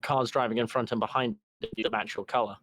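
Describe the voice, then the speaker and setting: Hesitant game master, dry close sound. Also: male voice, mid-range voice, fairly even intonation, fairly bright tone, no room sound. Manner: halting, full of ums and restarts. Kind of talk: narrating a tabletop game over voice chat.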